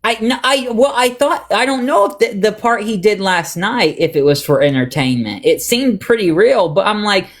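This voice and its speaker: A man hosting a casual livestream, rambling through gossip and getting animated as he retells online drama. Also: high voice, moderate pace, few pauses. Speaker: livestream host.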